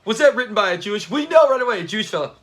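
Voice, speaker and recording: A man's voice: high-pitched, expressive, very fast. A man hosting a casual livestream watch party, chatty and laughing often as he talks to his viewers. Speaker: channel host.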